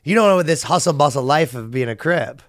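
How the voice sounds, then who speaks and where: A man's voice: on the high side, lively intonation, brisk, dry recording. A man co-hosting a comedy podcast in casual chat, rambling and riffing by acting out the people he describes. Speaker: podcast co-host.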